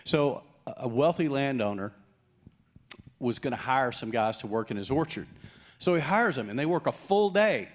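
A man's voice: mid-range voice, moderate pace. A man preaching a sermon, joking with the congregation and acting out the characters in the story. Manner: jokey, animated preaching with acted-out quotes. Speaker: pastor.

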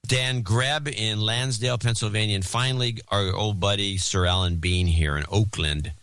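Low-voiced man reading donor shout-outs. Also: steady tone, moderate pace, smooth, no echo. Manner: jokey, mangles and repeats foreign names. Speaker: podcast co-host reading donor names. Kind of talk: casual banter. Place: Oakland, California.

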